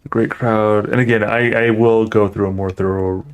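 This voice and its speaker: A man with a fairly low voice hosts a laid-back livestream, skimming through a book and tossing off offhand remarks between passages. Light music plays faintly in the background. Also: level tone, normal speed, clean tone. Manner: skims and ad-libs chatty asides. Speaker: livestream host. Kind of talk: casual read-aloud on a livestream.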